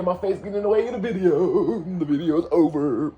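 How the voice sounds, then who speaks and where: A man's voice: fairly high pitch, animated, brisk, hardly any pauses, warm tone, dull audio, soft background music. A young man hosting a reaction video, bantering casually in loose slang and laughing often, recorded outdoors on a windy day.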